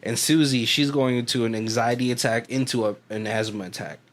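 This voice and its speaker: A man's voice: medium pitch, fairly even intonation, a little fast. Rambling, laughing male podcast co-host. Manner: rambling, laughs often, swears, puts on voices for quotes. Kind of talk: casual movie commentary chat.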